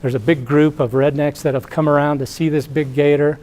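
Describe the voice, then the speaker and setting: A middle-aged man, an entrepreneur, giving a talk to students as an animated storyteller who acts out the voices. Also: on the high side, brisk. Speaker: entrepreneur guest speaker.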